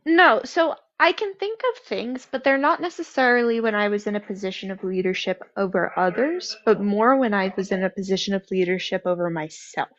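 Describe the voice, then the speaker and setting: A young woman telling a story in casual conversation, lively and full of fillers. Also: mid-range voice, a little fast, hardly any pauses, dry recording. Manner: animated storytelling, many fillers. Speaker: guest. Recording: dry, dull lo-fi sound.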